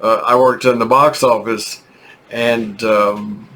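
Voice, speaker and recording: A man's voice: lowish voice, fairly even intonation, fairly bright tone, slight background noise. Older Texan man telling a story. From Texas. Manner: rambling, halting, with chuckles. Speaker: vlogger. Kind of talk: casual storytelling.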